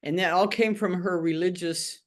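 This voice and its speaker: A woman's voice: on the low side, steady tone, normal speed. An older woman from Tennessee, telling her life story frankly and wryly in an oral history interview, acting out the voices of people she quotes. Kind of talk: candid personal storytelling.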